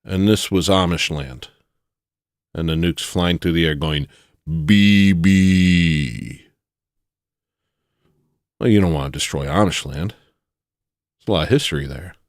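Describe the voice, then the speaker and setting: A man hosting satirical commentary, rambling and joking with loud sudden bursts. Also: extremely low pitch, moderate pace, pauses often, no room sound, clean studio sound. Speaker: commentary host.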